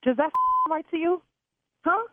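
A woman on the phone talks loudly and with outrage, her pitch swinging widely as she swears. The sound is a tinny, dry phone line. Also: expressive, normal speed, no room sound. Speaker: caller, prank target. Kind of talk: heated phone call.

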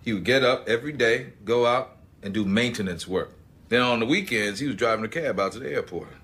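A man's voice: medium pitch, brisk, a bit bright, natural voice. An actor playing a blunt, persuasive veteran male homicide detective who talks in an insistent, profane way.

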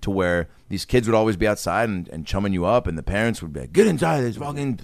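A man's voice: low-pitched, quick pace, no room sound, clean studio sound. A man co-hosting a casual comedy chat, telling loose anecdotes and swearing freely. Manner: storytelling, swearing, doing voices of people in anecdotes.

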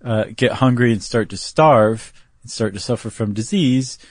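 Guy cohosting a podcast, mid pitch, talks loose with lots of likes and uhs, dead dry mic. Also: normal speed, darkish tone, no echo. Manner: chatty, laughs easily, filler-heavy. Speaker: podcast co-host. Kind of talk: casual chat.

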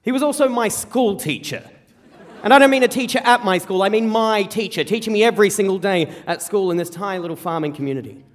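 A young Australian man tells a comic story from his own life with a high, lively voice. He speaks at a quick clip, tripping and repeating words as he hurries along, animated and self-mocking throughout. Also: in a large hall. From rural South Australia. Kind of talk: live personal storytelling. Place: stage before an audience.

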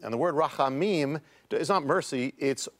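Halting man teaching Bible words. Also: fairly high pitch. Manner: halting, many restarts, builds to emphatic points. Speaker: guest author and teacher. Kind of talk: casual Bible teaching in conversation.

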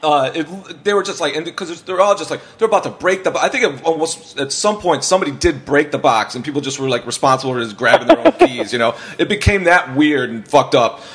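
A man's voice: fairly high pitch, lively intonation, brisk, hardly any pauses, fairly bright tone. A man in casual podcast chat, telling long, swear-filled stories full of restarts and acting out what others said. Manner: swears freely, rambling anecdotes with restarts; acts out quotes of other people.

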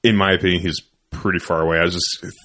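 A man's voice: deep voice, steady tone, fast talker, a bit bright. A young man hosting a podcast, telling a loose, profane, rambling story in a casual studio chat. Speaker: podcast host.

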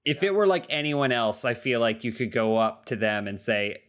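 A man hosting a podcast, chatting in a relaxed way with quick asides. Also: mid-range voice. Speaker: podcast host. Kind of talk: casual chat and host-read ad.

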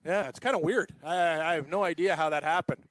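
A man's voice: fairly high pitch, quick pace, a bit bright. A man co-hosting a casual sports podcast, joking, laughing often and rambling a bit. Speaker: co-host.

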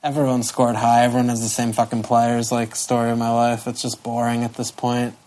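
Flat, deadpan man co-hosting a podcast. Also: mid-range voice, fairly quick. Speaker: podcast co-host. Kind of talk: casual chat.

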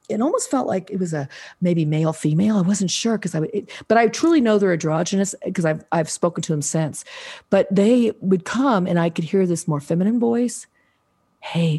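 A woman in her sixties, a guest on a podcast, telling a story in a casual, animated way and acting out quoted voices. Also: mid-range voice, slightly rough. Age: 60s. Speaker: guest, Ouija board historian.

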